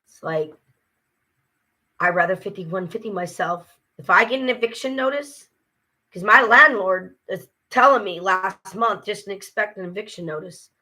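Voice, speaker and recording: Worn-out woman venting on her vlog, bright clear voice, cusses when fed up. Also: medium pitch, expressive, a little slow. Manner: frustrated, venting, swears. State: exhausted. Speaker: vlogger. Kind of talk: casual vlog rant.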